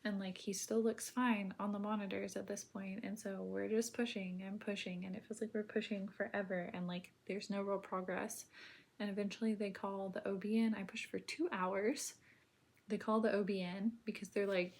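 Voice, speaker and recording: A woman telling her own birth story in casual, rambling speech full of filler words, now and then dropping to a soft near-whisper. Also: mid-range voice, flat delivery, moderate pace, creaky.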